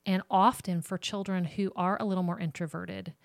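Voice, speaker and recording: Woman counselor, smooth lowish voice, direct casual talk to parents. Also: fairly even intonation, normal speed, no room sound, clean studio sound. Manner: warm, direct, talks straight to moms. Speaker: ministry counselor and host.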